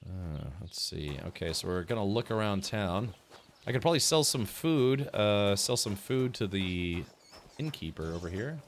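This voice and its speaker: Chatty low-voiced man streaming a game. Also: animated, normal speed, slight background noise. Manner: chatty, musing aloud with fillers. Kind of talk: casual gameplay commentary. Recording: faint game music behind.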